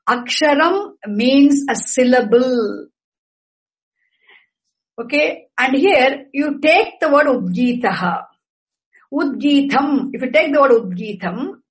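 Slow, high-voiced woman teaching scripture. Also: low-quality recording. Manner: deliberate, repeats and explains terms. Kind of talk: lecture on Upanishad text.

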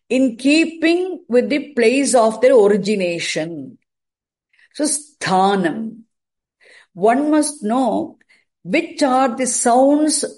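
A woman teaching Sanskrit pronunciation and chanting, speaking deliberately and repeating sounds to demonstrate them. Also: a little high, darkish tone. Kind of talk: slow explanatory lesson.

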